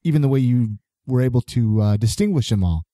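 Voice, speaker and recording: A man hosting a podcast, chatting casually and reacting with quick, encouraging remarks. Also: mid-range voice, lively intonation, warm tone, dry recording, clean studio sound. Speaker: podcast host. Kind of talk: casual interview chat.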